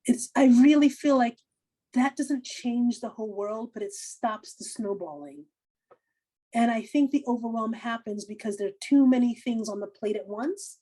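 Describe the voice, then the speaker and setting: Chatty woman with a mellow voice. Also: a little high, a little fast, poor audio. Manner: animated, chatty, self-interrupting with laughs and quoted asides. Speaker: guest, comedian and laughter yoga teacher. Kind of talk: casual conversational advice.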